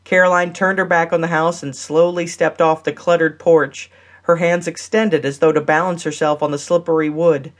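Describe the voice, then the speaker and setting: A woman narrating a romance audiobook in a measured, steady reading style. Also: low voice. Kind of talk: scripted narration.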